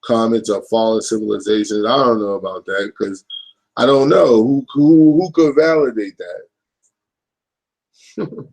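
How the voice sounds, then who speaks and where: A man's voice: medium pitch, a little slow, vocal fry, pauses often, a little mellow, rough recording. A man in his thirties hosting a live stream, rambling in a loose, profane style and often checking in with his listeners. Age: 30s. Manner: rambling, profane, keeps asking "you know what I'm saying". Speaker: livestream host. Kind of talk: casual live-stream monologue.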